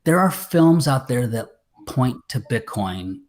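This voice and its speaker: A man's voice: mid-range voice, lively intonation, takes it slowly, a little mellow. A man, a filmmaker guest, chatting casually on a video call, rambling with many fillers and restarts. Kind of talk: casual interview chat.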